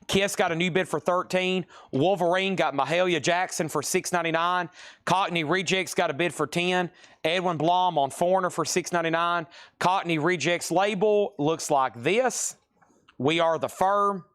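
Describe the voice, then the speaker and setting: A man hosting a live record sale, briskly calling out records, prices and bids. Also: a little high, fairly bright tone. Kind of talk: live auction selling.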